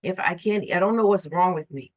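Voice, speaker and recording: A woman telling a personal story in an earnest, halting way, often restarting and repeating her words. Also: on the low side, dry recording, rough recording.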